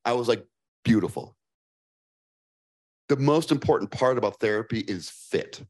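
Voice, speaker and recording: A man with a Chicago accent answering audience questions at a live fireside chat, playful and animated, acting out the voices he quotes. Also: medium pitch, fairly quick.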